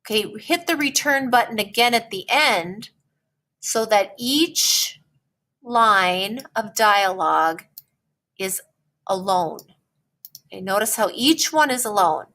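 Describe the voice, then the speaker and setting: A woman teacher explaining a writing lesson in a slow, patient way, often checking in with "okay?". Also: mid-range voice, lively intonation, bright, forceful tone.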